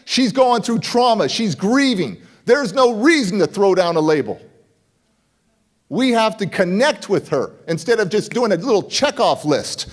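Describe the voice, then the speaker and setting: A man giving a motivational keynote, telling a story with punchy repeated phrases and acting out both sides of the dialogue. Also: high voice. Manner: punchy, repeats key words for emphasis. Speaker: motivational speaker. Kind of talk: keynote speech. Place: conference hall stage.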